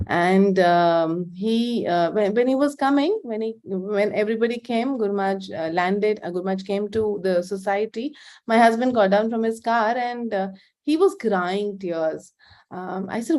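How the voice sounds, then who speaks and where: A woman's voice: mid-range voice, normal speed, a little mellow. A middle-aged woman from India shares a personal testimony in a heartfelt, hesitant way. She stops often and fills the gaps with ums and uhs. Her voice sits in the middle of the usual range for a woman. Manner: hesitant, many fillers, heartfelt. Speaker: devotee giving a talk.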